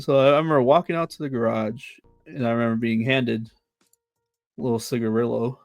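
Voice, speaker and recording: A young man telling a halting story in casual chat, stopping often with fillers and laughs. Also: mid-range voice, fairly even intonation, vocal fry, no room sound, studio quality, faint music behind. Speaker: podcast co-host.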